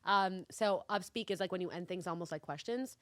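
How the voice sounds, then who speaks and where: A woman's voice: fairly low pitch, a little fast, no room sound. A woman born in Mexico, a podcast co-host, explaining ideas in casual chat with academic asides.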